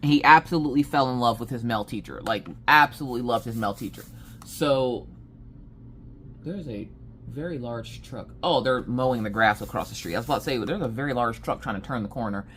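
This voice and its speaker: A woman's voice: a bass voice, fairly quick, slight background noise. A woman craft vlogger in a casual chat, telling a rambling story with many fillers and restarts.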